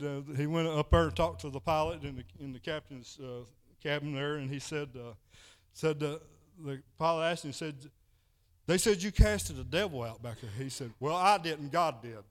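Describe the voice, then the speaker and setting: Folksy preacher man. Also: on the high side. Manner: folksy, repeats "he said" while retelling a story. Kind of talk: sermon with storytelling.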